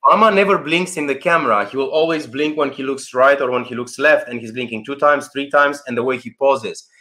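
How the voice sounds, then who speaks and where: A man being interviewed over a video call, talking about presenting online in an animated, emphatic way. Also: mid-range voice, a little fast. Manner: animated, emphatic, acts out anecdotes. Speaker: guest, presentation coach.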